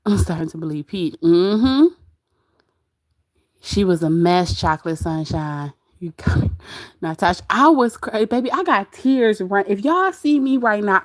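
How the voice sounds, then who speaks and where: A woman's voice: mid-range voice, no echo, clean studio sound. A woman hosting a casual livestream, gossiping about another streamer and laughing often as she reads the chat. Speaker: livestream host.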